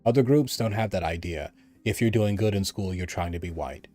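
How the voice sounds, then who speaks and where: A man's voice: low-pitched, a little fast, mellow, faint music behind. A man from the United States giving an emphatic, repetitive opinion monologue, mimicking others in a raised voice. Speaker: commentator.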